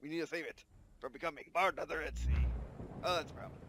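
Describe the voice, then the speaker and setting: A man giving casual let's-play commentary on a strategy game, muttering to himself, repeating phrases and breaking into excited outbursts. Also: a little high, fast talker, noisy background. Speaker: gameplay commentator.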